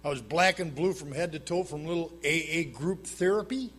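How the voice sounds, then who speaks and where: A man at a meeting tells a live audience his own recovery story at a moderate pace. Plain talk and dry humor define him as he moves between loud emphatic bursts and low, hushed asides. Background noise is audible.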